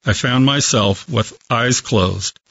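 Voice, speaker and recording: A man with a gravelly edge tells a story in a calm, reflective way. His voice sounds dry and close, with slightly dull, muffled audio, like a radio show guest. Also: mid-range voice, slow, dry recording. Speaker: hospice worker telling a story.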